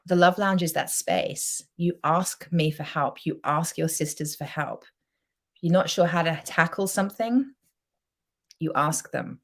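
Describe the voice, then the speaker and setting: A woman coach giving a chatty, effusive live-streamed pitch for her course and reading out viewer comments. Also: unhurried. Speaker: self-love coach.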